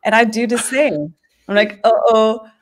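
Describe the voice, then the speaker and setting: Woman, host, casual live chat, candid, laughing, lowish pitch. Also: expressive, measured pace. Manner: candid, laughing, lots of restarts.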